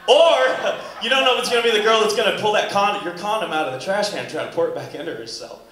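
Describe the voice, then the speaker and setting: A man's voice: high-pitched, quick pace. A man performing a rambling stand-up comedy set, acting out his own exclamations. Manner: animated, rambling storytelling with acted-out exclamations. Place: club stage with audience. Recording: echoey club room with crowd.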